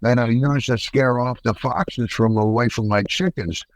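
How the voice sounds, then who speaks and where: A man's voice: medium pitch, normal speed, dry recording, rough recording. Older man telling a wild story. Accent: American. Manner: animated, folksy, acts out quotes. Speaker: podcast guest, retired wrestler. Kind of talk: casual storytelling interview.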